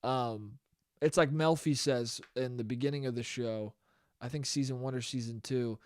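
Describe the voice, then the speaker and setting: A man's voice: medium pitch, steady tone, moderate pace, no room sound, studio quality. A young man hosting a solo comedy podcast, rambling and profane, laughing at his own jokes. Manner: slips into mock voices. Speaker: podcast host.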